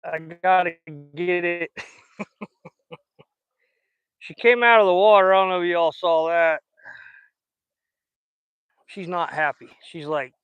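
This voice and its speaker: A man's voice: sits high, slow pace, pauses often, a bit bright, clean tone, dry recording, highs cut off. Folksy man fishing outdoors. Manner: chatty, folksy, sweet-talks the fish. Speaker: fishing vlogger. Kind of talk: casual outdoor narration. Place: outdoors on a river bank. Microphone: phone.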